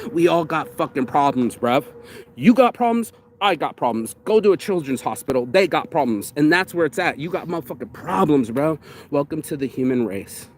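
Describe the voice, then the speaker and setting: Vlogging outdoors in a park, a man rambles through a casual motivational talk that's both profane and preachy. His voice is high-pitched, with slight background noise.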